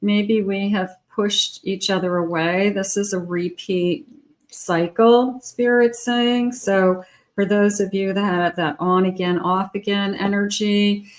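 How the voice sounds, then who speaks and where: A woman's voice: medium pitch, fairly even intonation, slow. A middle-aged woman giving a channeled love tarot reading in a conversational way, now and then acting out imagined lines for the person in question. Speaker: tarot reader.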